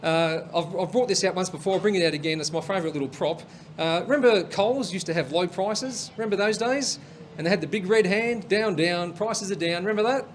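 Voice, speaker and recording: A man's voice: high-pitched, quick pace, slight background noise. A man hosting a comedy show, chatty and telling jokes, laughing at his own punchlines. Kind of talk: stand-up joke telling.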